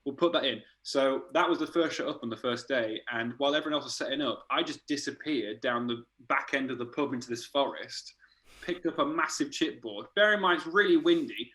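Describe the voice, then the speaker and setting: A man, an art director, casually telling animated stories in a podcast chat, laughing and swearing as he goes. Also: medium pitch, brisk, rough recording.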